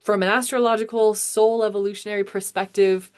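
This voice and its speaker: A woman's voice: medium pitch, steady tone, fairly quick, a little mellow, clear, resonant tone. A woman in her thirties, an astrologer musing aloud in a meandering, self-interrupting way with chuckles. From United States. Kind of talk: casual musing monologue.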